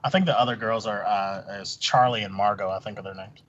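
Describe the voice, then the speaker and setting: A man's voice: fairly low pitch, fairly even intonation, fairly bright tone, a little hiss or hum. A man with a mid-range voice chats on a podcast, tossing in short reactions and playful jabs. His mic sounds a little dull and muffled. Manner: quick reactions, teasing. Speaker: podcast co-host. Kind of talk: casual chat.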